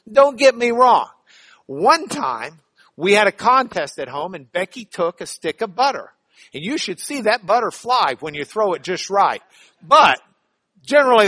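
A man's voice: sits high, bright, forceful tone, no room sound. A man teaching a church Bible class in a playful, joking way, spelling out words.

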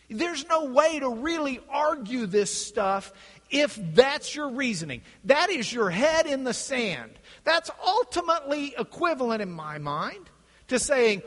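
Animated high-voiced lecturing man. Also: normal speed. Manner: animated, acts out voices in quotes. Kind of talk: classroom lecture. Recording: echoey hall.

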